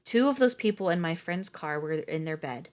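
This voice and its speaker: A woman voicing a tired, cautious young man who talks in low mutters. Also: lively intonation, normal speed, darkish tone, lightly acted. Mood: earnest.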